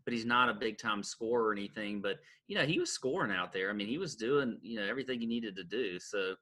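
Bright-voiced co-host man. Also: fairly low pitch, quick pace. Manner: chatty, animated storyteller. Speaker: podcast co-host. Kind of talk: casual podcast chat.

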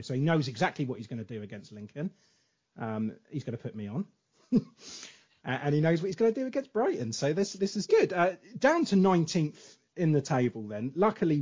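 A man's voice: medium pitch, darkish tone, breathy edge, lo-fi sound. A man co-hosting a casual podcast chat, leading the talk and steering the questions. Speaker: podcast co-host.

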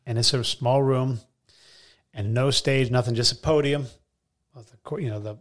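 A male comedian as a podcast guest, telling rambling, animated anecdotes full of fillers. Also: medium pitch, moderate pace. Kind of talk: conversational storytelling.

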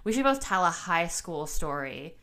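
A woman's voice: on the low side, very animated, moderate pace, a loud crowd. A young woman co-hosting a podcast, rambling casually through self-deprecating stories. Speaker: podcast co-host. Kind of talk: casual chat.

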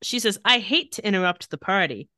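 A woman co-hosting a casual recap podcast who retells each scene with dry, sarcastic asides. Her pitch rises and falls a great deal as she reads the lines. The recording is dry and close to the mic. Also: animated, brisk, bright, forceful tone, no echo. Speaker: podcast co-host recapping a TV episode. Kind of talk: casual chat.

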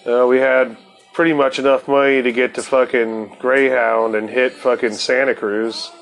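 A man's voice: fairly low pitch, creaky, rough recording. A man hosting his own podcast, telling a personal story in a profane, laid-back way and laughing often. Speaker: podcast host. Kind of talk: casual storytelling.

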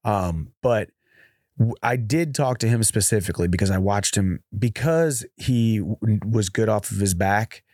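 A man's voice: a little slow, no echo. Man, coach and host, casual fight breakdown, punchy play-by-play calls, close dry studio sound. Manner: animated play-by-play with "boom" exclamations.

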